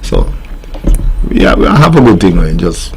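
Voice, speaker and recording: Brief: middle-aged Nevisian man, very low voice, earnest and firm, faint hiss behind. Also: big pitch swings, measured pace, gravelly. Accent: Nevisian Caribbean English. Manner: earnest, firm when listing rules. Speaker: steel pan tutor. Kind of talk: casual interview answers. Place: radio studio.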